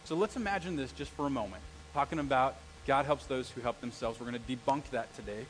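A middle-aged male pastor preaching a sermon, telling stories and acting out the quotes with lively energy. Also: medium pitch, quick pace, slight background noise, rough recording. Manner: animated storytelling with acted-out quotes.

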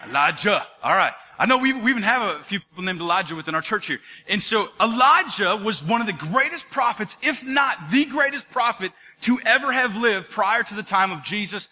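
A man's voice: sits high, animated, a little fast, hardly any pauses, sharp tone, in a large hall. A man preaching a sermon as pastor, telling playful jokey stories and calling out to the congregation in a church. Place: church sanctuary.

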